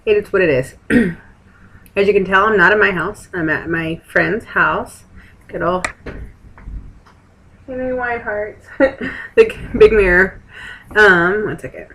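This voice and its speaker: A woman's voice: medium pitch, slow pace, long pauses, a bit bright, slight background noise, rough recording. A young woman, chatting frankly to camera at a friend's house, rambling with sarcastic asides. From Texas. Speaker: vlogger. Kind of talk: casual chat to camera.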